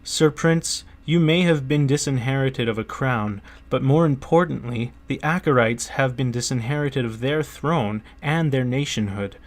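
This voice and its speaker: A man's voice: medium pitch, normal speed, hardly any pauses, close to an everyday voice. A man reading a pleading merchant. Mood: urgent. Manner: pleading, persuasive. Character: earnest male merchant urging a prince to claim a throne. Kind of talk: audiobook character reading.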